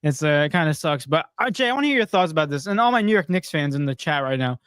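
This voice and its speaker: Male sports stream host, high voice, dry close sound, upbeat and chatty. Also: animated, fast, fairly bright tone, clean tone, no echo. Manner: upbeat, laughs often, talks to the chat. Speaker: podcast host. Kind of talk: casual sports chat on a livestream.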